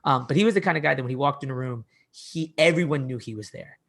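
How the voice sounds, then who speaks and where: A coach in his forties, guesting on a podcast, tells stories casually and with animation in a medium-pitched, fast voice. He says "like" constantly and often restarts his sentences.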